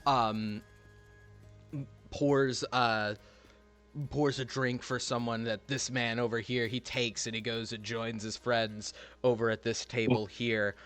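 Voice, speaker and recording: A man at a middle pitch narrating a tabletop scene, piling up restarts and fillers as he goes. Soft music plays faintly under his voice. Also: flat delivery, slow. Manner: rambling, many fillers and restarts. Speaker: game master.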